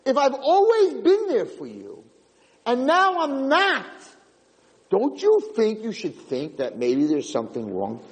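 A man's voice: extremely high pitch, wildly swooping pitch, measured pace, pitched above the performer's own voice, full character voice. A man voicing a loyal, aggrieved talking male donkey who pleads and reproaches his master. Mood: pleading. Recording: reverberant hall.

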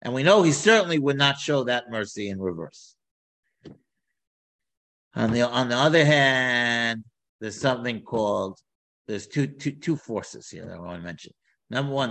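A man teaching a scripture class, talking in an animated way with many repeats and restarts. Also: medium pitch, low-quality recording. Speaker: Torah teacher.

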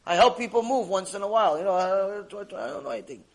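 A man's voice: high-pitched, expressive, quick pace. A man voicing a bewildered, middle-aged working man who stammers out flustered protests.

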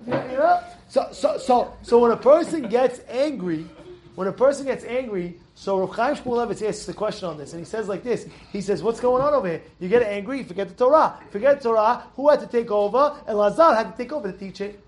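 A man's voice: extremely high pitch, animated, brisk. A man giving an informal Torah lesson, full of rhetorical questions and repeated, restarted words. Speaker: Torah teacher.

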